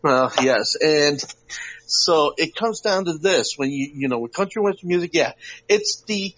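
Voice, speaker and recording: A man's voice: a little high, expressive, a little slow, a bit bright. A man co-hosting a podcast in casual chat, rambling with many restarts and fillers. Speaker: podcast co-host. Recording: lo-fi live audio-app stream.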